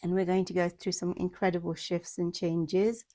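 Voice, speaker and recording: A woman's voice: on the low side, little pitch movement, normal speed, mellow, no echo. A woman giving a spiritual monthly energy forecast, speaking in flowing, repeated lists, recorded outdoors in the mountains. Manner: flowing, repetitive lists of affirmations.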